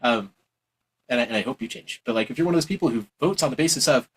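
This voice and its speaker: A man giving a heated, preachy opinion monologue on politics, mocking others in exaggerated high voices. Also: lively intonation, fast, slightly rough, rough recording. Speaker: political commentator.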